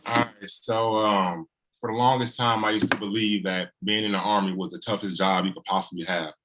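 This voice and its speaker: A man on a video call with a low voice and a bright, forceful tone. He speaks in an earnest, folksy way as he pays tribute to his wife. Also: fairly even intonation, fairly quick. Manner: earnest and folksy, peppered with "you know". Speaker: husband giving a tribute speech.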